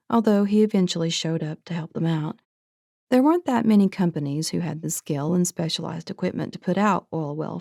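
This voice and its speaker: A woman narrating an audiobook in a steady, even storytelling manner. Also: fairly low pitch, gravelly, no room sound, studio quality. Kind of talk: scripted narration.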